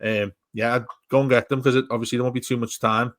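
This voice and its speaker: A man's voice: mid-range voice, level tone, fast talker, fairly bright tone, no room sound. A man co-hosting a casual football podcast, enthusiastic and often restarting his words. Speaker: podcast co-host.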